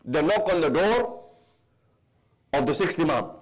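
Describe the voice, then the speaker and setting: A man from the UK with a fairly high voice preaches a sermon in a large hall. He tells his story with lively emphasis and slows down to stress key points. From United Kingdom. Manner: lively, slows for emphasis, mixes in Arabic terms.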